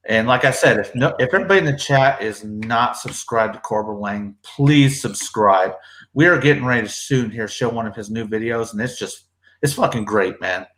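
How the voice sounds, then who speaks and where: A man's voice: medium pitch, a bit bright, roomy sound. A man hosting a casual livestream, laid-back and profane, talking up his guests. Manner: laid-back, swears freely, hypes up guests. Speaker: livestream host.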